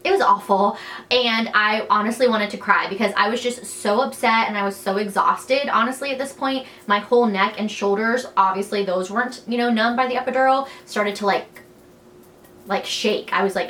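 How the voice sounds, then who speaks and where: This is a young woman chatting straight to the camera, frank and easygoing, her voice sitting at an ordinary pitch for a woman. She keeps dropping in "like" and "you know" and slips into quoting other people as she goes. A faint noise hums under the recording. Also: fairly even intonation, moderate pace, fairly bright tone. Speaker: vlogger telling her birth story. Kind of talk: candid storytime vlog.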